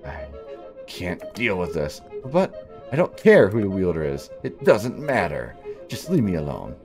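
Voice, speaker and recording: A man reading the lines of a withdrawn, anxious young female painter from a game, in a low, subdued way. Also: huge pitch swings, a little slow, over music, full character voice. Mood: pushing away.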